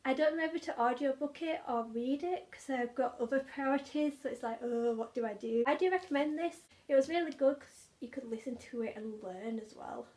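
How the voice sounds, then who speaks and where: A woman's voice: high voice, fairly quick, darkish tone. A young woman, chatting enthusiastically about favourite audiobooks, often repeating words for emphasis. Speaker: book vlogger. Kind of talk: casual chat.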